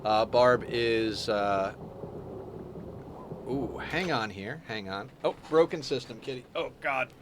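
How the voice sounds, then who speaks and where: A man's voice: mid-range voice, takes it slowly. A man streaming a game live, chatting casually and explaining each step of his plan as he goes. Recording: steady background noise.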